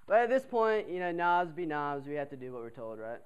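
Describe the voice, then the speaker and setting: Animated young man telling a comic story. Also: fairly high pitch, fairly quick, smooth, rough recording. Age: young adult. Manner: animated, chatty, asks the crowd for replies. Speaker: college cadet telling a story.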